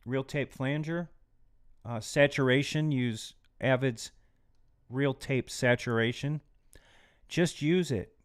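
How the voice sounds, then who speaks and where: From his home studio, a man hosts a livestream teaching music mixing, speaking slowly and unhurriedly in a casual, chatty way. He often drifts into quiet, muttered asides while working. His middling-pitch voice has a clean tone.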